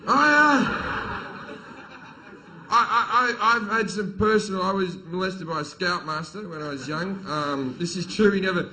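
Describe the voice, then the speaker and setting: An Australian man works a comedy stage with a slightly high, sharp-edged voice. His delivery is crude and profane, swinging into loud punchlines. A faint hiss sits under the live recording. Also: normal speed, low-quality recording. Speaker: stand-up comedian. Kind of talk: stand-up comedy set. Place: comedy venue stage with audience.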